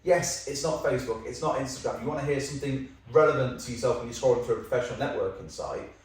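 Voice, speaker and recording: A man, a company founder guesting on a podcast, telling lively anecdotes in casual chat with some swearing. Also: medium pitch, fast talker. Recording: very echoey room, mic at a distance.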